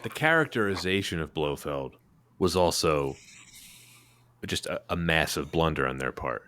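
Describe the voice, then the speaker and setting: Deep-voiced sarcastic podcast host. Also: male voice, a bit bright. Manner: sarcastic, incredulous critique. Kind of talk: casual podcast discussion.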